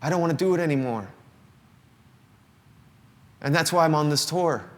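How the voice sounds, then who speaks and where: Addressing a live audience in an indoor company showroom, a man in his thirties from the Southern United States, a singer-songwriter, gives an earnest, reflective confessional monologue. His voice is a little high and moves at normal speed, with the long reverb of a live room.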